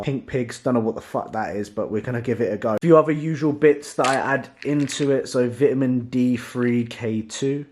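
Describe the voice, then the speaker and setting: A man's voice: medium pitch, a little mellow, roomy sound. A man, a fitness vlogger and coach, chatting casually and jokingly through a product review and swearing freely.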